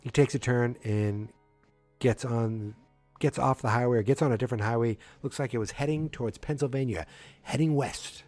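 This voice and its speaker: Male recap host, casual and rambling, mellow tone, dry close recording. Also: medium pitch, normal speed, no echo, soft background music. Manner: rambling, acts out characters' lines in passing, frequent ums.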